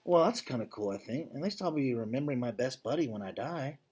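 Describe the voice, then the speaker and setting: Man reading a kids' book aloud, animated pitch, chatty asides. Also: fast talker, slight background noise. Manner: lively, stops to chat about the story. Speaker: reader of a children's novel.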